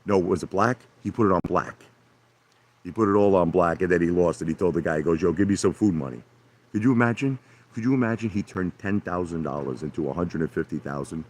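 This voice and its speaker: A deep-voiced, fast-talking man hosts a livestream from his hot tub. He chats loosely and brashly with viewers, saying things more than once and addressing people by name.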